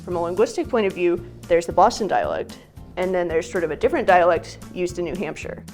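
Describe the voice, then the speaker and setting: A woman's voice: on the low side, animated, brisk, darkish tone, faint music behind. A woman expert explaining in an interview how dialects differ. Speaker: language expert. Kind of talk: interview answers.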